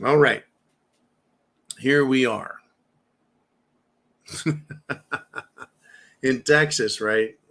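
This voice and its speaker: With a mid-range voice carrying a touch of brightness, a fifty-something prepper host speaks plainly to his viewers. His monologue is heated and opinionated, and the cursing flows freely.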